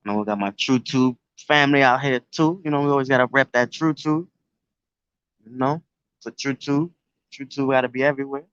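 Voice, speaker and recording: A man's voice: medium pitch, a little fast, a bit bright, smooth, no echo. A man with a New York accent talks loosely and profanely to his viewers on a casual live stream. He is recorded outdoors on a phone. The sound is dry and a bit dull. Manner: loose, profane street talk. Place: outdoors near the beach.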